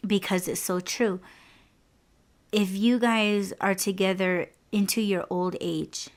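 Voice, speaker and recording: A woman's voice: mid-range voice, fairly even intonation, slow pace. A young adult woman hosting a podcast, telling a personal story in a frank, candid way, full of "like" and "you know". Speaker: podcast host.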